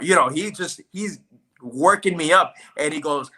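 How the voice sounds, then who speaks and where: A man's voice: mid-range voice, unhurried. A man chatting as a podcast guest, telling a story with lots of acted-out quotes. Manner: animated storyteller, acts out quotes. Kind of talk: casual podcast chat.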